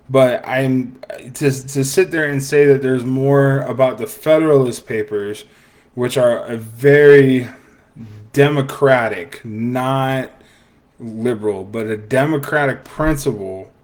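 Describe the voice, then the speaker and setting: A man's voice: medium pitch, unhurried, darkish tone. A man hosting a casual podcast, giving a sarcastic, opinionated monologue with lots of fillers and restarts. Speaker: podcast host. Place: live stream broadcast.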